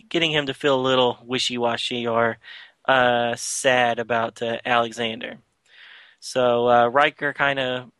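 Man, podcast host, chatty comic recap, bright forceful voice, dry close sound. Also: mid-range voice, dry recording. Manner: chatty, loose retelling with frequent filler words. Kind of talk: casual comic book recap.

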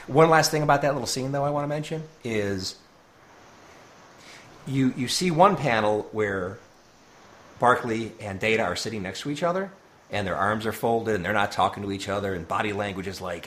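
A man's voice: on the low side, moderate pace, a bit bright, a little hiss or hum. A man co-hosting a podcast, chatting casually and laughing often. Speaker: podcast co-host. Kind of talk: casual chat about comics.

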